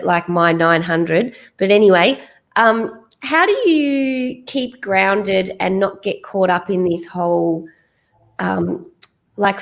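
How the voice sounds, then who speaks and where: A woman hosting a podcast interview, enthusiastic and chatty, asking leading questions. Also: medium pitch. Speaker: podcast host. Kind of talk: casual interview.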